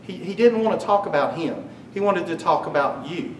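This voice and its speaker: A middle-aged man with a higher voice and lively intonation speaks at a moderate pace, eulogizing his father through funny stories and jokes with the audience. The memorial hall is echoey, the recording distant with a faint hum.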